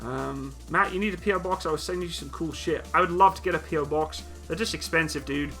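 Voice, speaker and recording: A young man from Britain hosts a casual live question-and-answer stream, reading viewers' comments aloud and answering them in a blunt, teasing way. His voice sits a little high for a man and comes across bright and forceful. Faint music plays quietly behind him. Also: a little fast. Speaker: livestream host answering chat questions.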